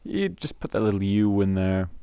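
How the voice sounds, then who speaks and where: Gravelly-voiced young man rambling through camp stories. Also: on the low side, sing-song, normal speed, heavy background noise. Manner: rambling, laughs often, many fillers and restarts. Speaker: scout camp storyteller. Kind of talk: casual storytelling vlog.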